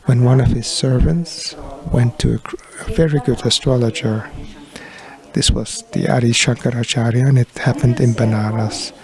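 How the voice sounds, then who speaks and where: A man interpreting a sermon into English, telling spiritual stories slowly and deliberately with pauses. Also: mid-range voice, steady tone, vocal fry, darkish tone. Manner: slow, deliberate storytelling with pauses. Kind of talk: sermon storytelling, translated.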